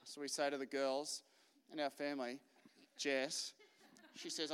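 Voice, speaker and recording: A man preaching a lively, joking sermon full of anecdotes. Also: mid-range voice, unhurried, clear, resonant tone. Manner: chatty, joking, acts out quotes. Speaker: pastor. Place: large church hall. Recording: live church recording with long reverb.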